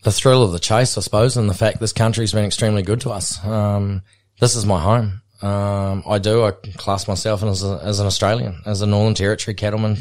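A man's voice: fairly low pitch, fairly even intonation, brisk. A middle-aged man with a New Zealand accent, a bull catcher and pilot, talking in a laid-back, rambling way full of fillers in a podcast interview.

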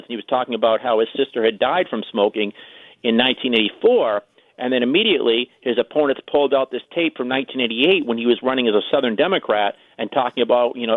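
A man rattles off anecdotes at a brisk clip, leaning on fillers as he goes. His voice comes through a thin, tinny phone line. The sound is close and dry. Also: mid-range voice, no echo. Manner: chatty, storytelling with many fillers. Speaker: guest political author. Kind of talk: radio phone interview. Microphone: telephone.

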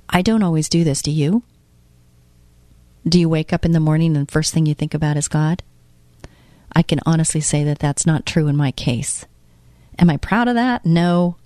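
Chatty woman host, low and dry. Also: a little mellow, no echo. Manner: asks the listener many questions; chatty, tells personal stories. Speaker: radio show host. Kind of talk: casual faith talk monologue.

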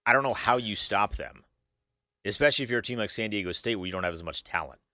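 A man's voice: lowish voice, lively intonation, fast, bright, forceful tone, no echo, studio quality. A man co-hosting a casual sports chat, eager and opinionated. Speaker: co-host.

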